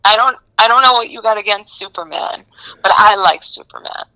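Lady cohosting a podcast, kinda gravelly voice, laughs easy, hesitates a lot. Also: mid-range voice, brisk, sharp tone, rough recording. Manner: hesitant, giggly, good-natured. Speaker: podcast co-host. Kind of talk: casual chat.

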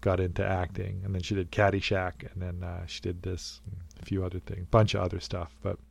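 A male podcast host chatting casually, with a lowish voice and an animated, joking manner. He is recorded close and dry, with no room sound around him. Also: vocal fry, breathy edge, no room sound. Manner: animated, jokey, quick to laugh. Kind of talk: casual chat.

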